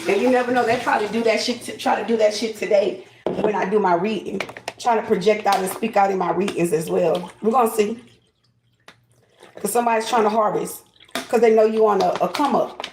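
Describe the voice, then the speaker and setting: A woman's voice: medium pitch, steady tone, brisk, reverberant, noisy background. A woman chatting casually and bluntly while getting ready, giving spiritual readings, repeating her phrases for emphasis. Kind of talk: casual get-ready-with-me chat.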